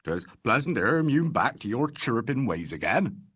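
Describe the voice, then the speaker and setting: A man's voice: medium pitch, big pitch swings, normal speed, fairly bright tone, breathy edge, dry recording. A man voicing a hearty, deferential country publican in a mystery audiobook, with folksy old-fashioned speech.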